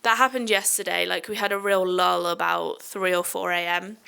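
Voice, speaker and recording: A woman's voice: lowish voice, steady tone, moderate pace, gravelly, bright, forceful tone, clear, resonant tone. A young woman who works night shifts in medicine, hosting a podcast and chatting in a rambling, self-deprecating way. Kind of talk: casual chat.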